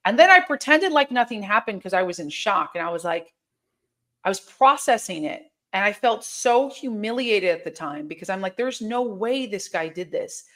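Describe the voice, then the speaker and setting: A woman's voice: medium pitch, big pitch swings, moderate pace, a bit bright. A woman guest in an interview, telling a personal story in a candid, emphatic way with many restarts and quoted dialogue.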